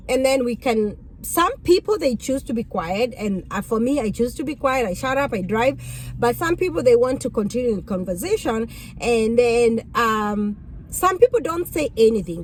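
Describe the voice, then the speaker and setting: A Kenyan woman in her thirties, with a Kenyan accent, chats casually to camera about working as a rideshare driver. She's chatty and acts out passengers' questions in a higher voice. The audio is poor, with slight background noise.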